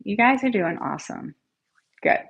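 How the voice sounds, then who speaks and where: Husky-voiced woman coaching a tapping session. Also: medium pitch, animated, moderate pace, lo-fi sound. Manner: encouraging, calls out viewers' scores; has listeners repeat affirmations after her. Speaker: tapping coach, livestream host.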